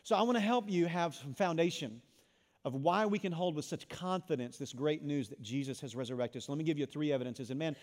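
A pastor preaching a sermon to his congregation, swinging between loud emphatic lines and hushed ones. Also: a little high, a little fast, long reverb tail. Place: church sanctuary.

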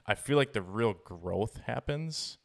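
Deep gravelly man chatting casually. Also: lively intonation, slow pace. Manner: rambling, hedging with fillers. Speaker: podcast co-host. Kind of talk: casual podcast chat.

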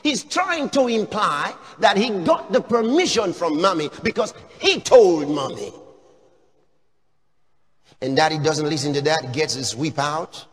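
High-voiced preacher booming in a hall. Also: male voice. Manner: emphatic, questioning, swings from shouts to low asides. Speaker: pastor. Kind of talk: sermon.

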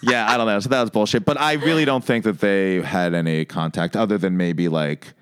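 A man in his thirties talks casually as a podcast guest, spinning stories in which he acts out both sides of a conversation. His voice sits low and sounds smooth and clear. The sound is close and dry, with little room around it. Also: a little fast, no echo. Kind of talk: casual chat.

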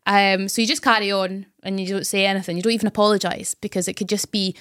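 A young woman with a Scottish Highlands accent, a radio presenter telling stories in casual podcast chat, laughing often. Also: fast, no room sound. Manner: animated storytelling, laughs often.

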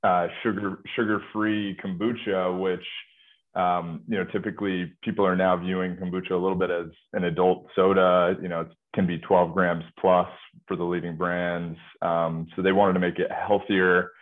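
A man, a company executive being interviewed, answering in a relaxed way and leaning often on filler phrases. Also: deep voice, moderate pace. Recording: tinny phone-like line.

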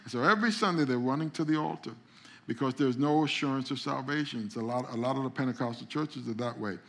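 A man's voice: medium pitch, quick pace, fairly bright tone. A male pastor delivering a conversational sermon, repeating and restarting words as he goes and calling out to the congregation for responses.

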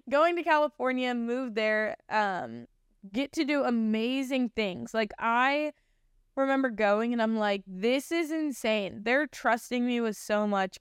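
With a fairly high, smooth voice captured in echo-free studio quality, a young woman in her twenties hosts a podcast. She tells her personal faith testimony in a chatty, rambling way, packed with fillers and earnest emotion.

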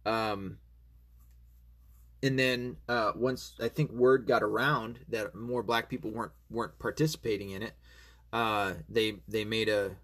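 A man talking casually in a long, rambling monologue, swearing often and stumbling through fillers and restarts. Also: lowish voice. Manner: reads online comments aloud with mocking asides.

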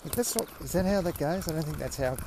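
A man's voice: a little high, fast, gravelly, mellow, slight background noise. An Australian man hosting a podcast, talking in a rambling, self-mocking way while out walking his dog. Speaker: podcast host. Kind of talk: casual rambling monologue.

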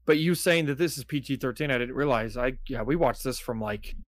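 A man's voice: mid-range voice, fairly quick, dry recording. A man in easygoing casual chat who laughs often and agrees readily. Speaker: podcast co-host.

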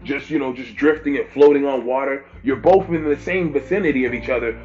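A man in the middle of the male pitch range preaches informally, pressing his points by repeating whole phrases. The recording is dull and lo-fi, with faint music playing behind him. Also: fairly quick, darkish tone. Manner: emphatic, repeats phrases for stress. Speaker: pastor.

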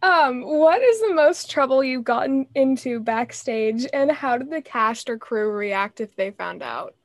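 A woman hosts a casual interview, asking short questions and nudging the guest along with small prompts. Her voice sits a little higher than most women's. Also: animated, measured pace. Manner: brief, encouraging prompts.

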